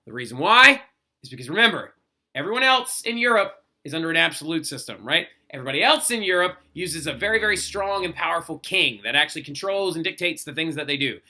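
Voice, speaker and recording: A man's voice: a little high, expressive, fast talker, sharp tone. A young man teaching a history lesson in a chatty, casual way, peppering his talk with "like" and "right?". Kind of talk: recorded classroom lesson.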